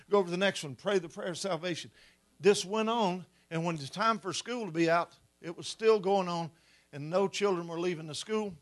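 Male preacher, middle-aged, sermon storytelling, fairly high voice, builds to loud peaks. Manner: animated storyteller, rising to loud climaxes.

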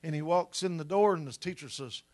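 Male preacher, middle-aged, sermon storytelling, fairly high voice, builds to loud peaks. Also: a little fast. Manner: animated storyteller, rising to loud climaxes.

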